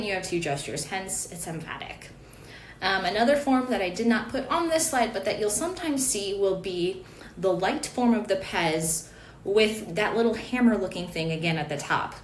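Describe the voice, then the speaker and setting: A woman's voice: medium pitch, roomy sound, slight background noise. A woman giving an online lesson on chant notation, explaining patiently with fillers and small asides. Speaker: chant teacher.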